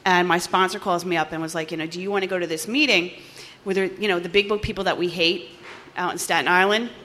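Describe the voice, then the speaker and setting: Bright-voiced woman, animated storyteller, shares her recovery testimony and acts out the voices in it. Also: fairly low pitch, fast. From New Jersey. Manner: animated storytelling, acts out dialogue, laughs often. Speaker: recovery meeting speaker. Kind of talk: personal testimony at a recovery meeting.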